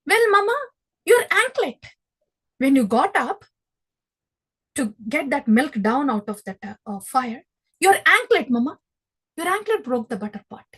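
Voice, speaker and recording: A woman voicing a mischievous, quick-witted little boy who answers back with a high, pleading voice. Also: sing-song, a bit bright, exaggerated voice.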